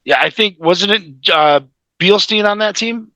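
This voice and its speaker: A man hosting a relaxed interview in a bright, sharp voice with a somewhat high pitch. The sound is dry and close. He mostly chimes in briefly and wraps things up. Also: unhurried, no room sound. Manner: brief reactions and laughs. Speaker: podcast host. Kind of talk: casual interview.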